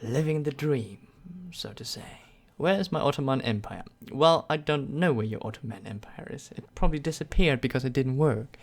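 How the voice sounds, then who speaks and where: A young man with a German accent hosts a casual live stream, reading out viewers' questions. He answers in a sarcastic, joking way and laughs often, and his voice sits at a middle pitch. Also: moderate pace, creaky, hardly any pauses. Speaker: YouTube channel host.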